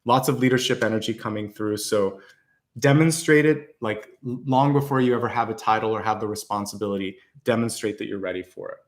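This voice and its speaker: A man's voice: lowish voice, steady tone, a little fast. A man giving a tarot reading to viewers, talking in a confident, encouraging, conversational way. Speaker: tarot reader.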